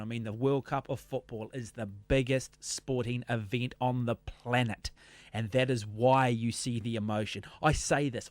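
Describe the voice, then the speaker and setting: A man with a New Zealand accent hosts a talkback radio show. He is excited and emphatic, taking calls one after another. His voice is close and dry in the studio. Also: medium pitch, no echo.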